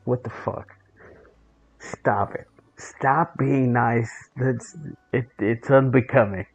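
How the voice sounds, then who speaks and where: Gravelly, blunt, swearing man telling a gaming story. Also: medium pitch, steady tone, takes it slowly. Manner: blunt, sarcastic, swears freely, restarts often. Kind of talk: casual profane storytelling. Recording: dull lo-fi with faint music.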